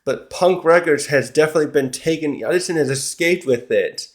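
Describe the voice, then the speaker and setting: A man with a slightly higher voice talks through a comic chapter in a loose, chatty way. He stumbles and restarts often and chuckles to himself as he goes. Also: fairly quick. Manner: rambling, with frequent restarts and chuckles. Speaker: manga reviewer. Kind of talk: casual chapter recap.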